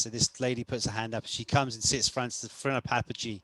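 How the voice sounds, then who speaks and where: A man's voice: mid-range voice, level tone, brisk, fairly bright tone, no room sound. A man co-hosting a casual podcast conversation, telling long stories about clients with many restarts and asides. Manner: rambling storytelling with many restarts. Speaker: podcast co-host and coach.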